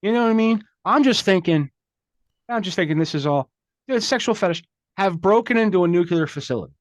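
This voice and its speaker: Halting mock-serious man on podcast. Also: high-pitched, expressive, dry recording. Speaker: podcast co-host. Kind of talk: casual comedic banter.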